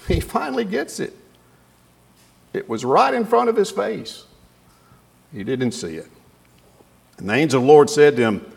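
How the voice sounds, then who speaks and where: Animated folksy male preacher. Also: high voice, creaky. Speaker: pastor. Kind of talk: sermon retelling scripture.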